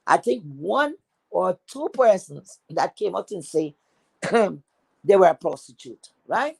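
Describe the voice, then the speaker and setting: A woman's voice: fairly low pitch, lively intonation, slow, creaky, a little mellow, husky, no room sound. A woman from Trinidad, ranting profanely and emphatically as a guest on a casual live chat. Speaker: livestream guest.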